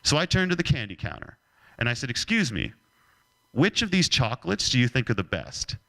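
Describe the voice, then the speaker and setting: Man, keynote speaker, lively swooping delivery, bright edge; humorous storyteller. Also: medium pitch, brisk, vocal fry. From Canada. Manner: animated, joking storyteller. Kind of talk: motivational talk with humorous storytelling.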